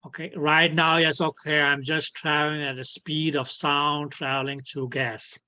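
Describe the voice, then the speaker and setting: A man lectures a small class over a video call, his voice sitting a little high for a man. He goes slowly and keeps circling back with "okay". His grammar slips here and there as he explains. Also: flat delivery, pushed and bright. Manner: repeats "okay" as filler, non-native grammar slips. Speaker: teacher. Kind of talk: online physics lecture.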